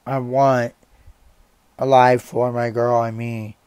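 A young man vents his anger in a slow, halting rant, swearing and circling back over the same words. His voice is clear and smooth. It sounds close and dry, with no room around it. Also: medium pitch, little pitch movement, a little mellow, dry recording. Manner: swearing, halting, repeats himself. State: angry and upset. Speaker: vlogger. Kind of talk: angry rant to camera.

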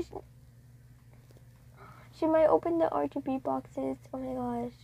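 A woman casually commenting on her gameplay as a vlogger, excitable and gasping, repeating her exclamations. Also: high-pitched, measured pace, creaky, long pauses, phone-quality sound. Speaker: gaming vlogger.

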